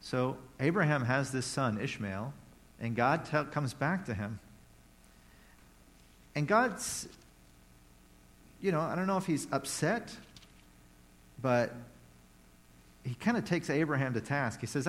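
A man's voice: medium pitch, animated, takes it slowly, long pauses. A man preaching a conversational sermon, retelling a Bible story with playful asides.

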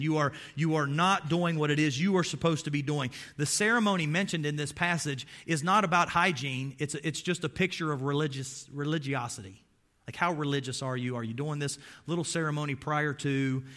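A man's voice: fairly high pitch, a bit bright. A man preaching a sermon as pastor, emphatic and quizzing his listeners with rhetorical questions, with folksy, wry asides.

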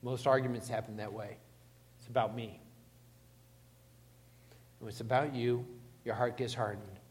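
A man's voice: medium pitch, steady tone, unhurried, long reverb tail. A man preaching a sermon, emphatic and putting questions to the congregation. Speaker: pastor.

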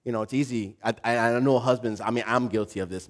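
A male pastor giving a casual, humorous sermon with dramatic swings between loud and soft. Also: medium pitch, expressive, brisk.

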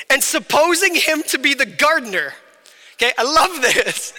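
A man preaches with a very high, piercing voice and loose, chatty phrasing, slipping into the voices of the people in his story. His sermon rings out with a long reverb from a large hall. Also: very animated, normal speed, pushed and bright. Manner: conversational, acts out biblical characters. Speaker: pastor.

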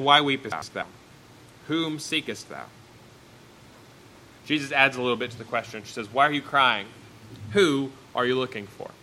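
A man's voice: medium pitch, sharp tone, slight background noise, poor audio. A man preaching a sermon, reading Bible verses aloud and then explaining them in plain, everyday words.

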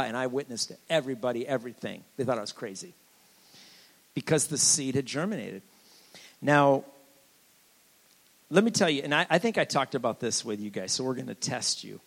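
An older man serving as a guest preacher in a church gives a testimony sermon that's candid, joking and animated. His mid-range voice carries a long reverb tail.

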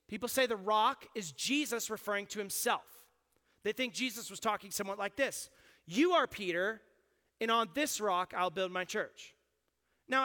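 A man's voice: high voice, bright, forceful tone, big-room sound. A man preaching a Sunday sermon as pastor, explaining the passage in a conversational way and checking in with the congregation. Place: church sanctuary.

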